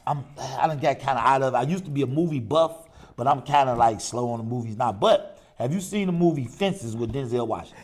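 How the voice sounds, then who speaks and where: A man's voice: mid-range voice, brisk. A man hosting a casual talk show, speaking in an emphatic, slangy way. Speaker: podcast host. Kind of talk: casual chat.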